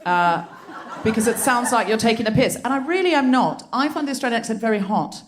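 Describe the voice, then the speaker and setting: A woman is hosting a live comedy show on a theatre stage, and her pitch leaps around as she tells stories between bursts of laughter. Her voice sits a touch high. The recording carries a clear layer of noise. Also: brisk. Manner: animated, laughing storytelling. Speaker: comedy podcast host. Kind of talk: live stand-up style banter.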